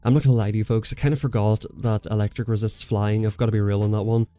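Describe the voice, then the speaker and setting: A man rattles through gameplay commentary at a quick clip, in a mellow voice. He is casual and chatty and explains each move as he goes, with faint music underneath. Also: on the low side, flat delivery. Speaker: game channel host.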